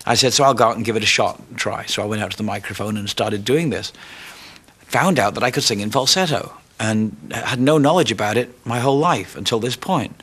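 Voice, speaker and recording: A man's voice: on the low side, brisk, a bit bright, breathy edge. Man reminiscing in an interview.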